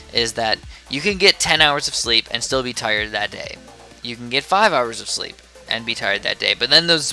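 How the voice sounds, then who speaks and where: Yawning and sleepy, a young man offers loose, rambling commentary on the game he's playing, straying into chatty side remarks. His voice is mid-range, bright, and forceful.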